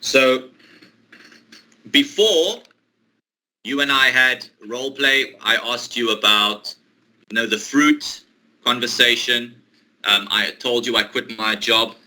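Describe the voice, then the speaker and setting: Male English teacher, crisp bright tone, unhurried and patient, guides a student step by step. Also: mid-range voice, low-quality recording. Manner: patient, slow, step-by-step explanations with pauses. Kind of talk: online one-to-one English lesson.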